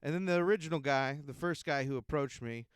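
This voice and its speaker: Smooth-voiced man rambling through a story. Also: fairly high pitch, a little fast, no echo, clean studio sound. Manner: rambling, laughing, swears freely. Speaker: podcast host. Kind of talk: casual comedic storytelling.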